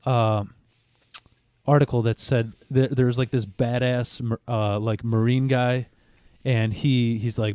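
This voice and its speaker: A man hosting a podcast in casual chat, rambling and halting with many restarts. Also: mid-range voice, flat delivery, mellow, smooth, no echo. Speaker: podcast host.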